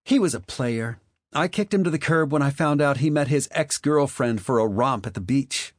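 A man's voice: medium pitch, lively intonation, moderate pace, no room sound, studio quality, voice pushed up, natural voice. A man putting on a petulant flirty gold-digger woman. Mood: flirty wheedling. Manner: sneering, wheedling, waspish. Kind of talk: audiobook character voice.

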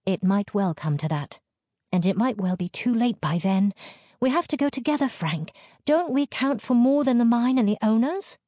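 A woman's voice: medium pitch, a little fast, dark tone, dry recording, clean studio sound, pitched above the performer's own voice, close to an everyday voice. A woman voicing an anxious, outspoken young wife and mother, blunt and pressing. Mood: pleading. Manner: blunt, pressing, raised and urgent.

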